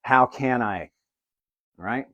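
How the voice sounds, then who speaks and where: A man's voice: mid-range voice, extremely slow, pushed and bright, dry recording, lo-fi sound. A man giving live oracle card readings to viewers he greets by name, casual and swearing now and then. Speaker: livestream card reader.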